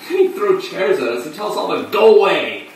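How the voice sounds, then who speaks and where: An actor playing a male off-off-Broadway performer who tells his story in a halting way, with dark, bitter laughs. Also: sits high, sing-song. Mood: rueful. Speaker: actor in a monologue. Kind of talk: stage monologue on film. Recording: distant echoey room with rain.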